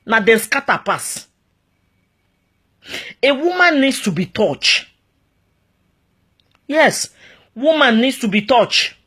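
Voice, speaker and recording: A woman with a Nigerian accent giving marriage advice in an animated monologue, emphatic and repetitive, full of exclamations and pidgin phrases. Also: fairly high pitch, takes it slowly, pauses often, slightly rough.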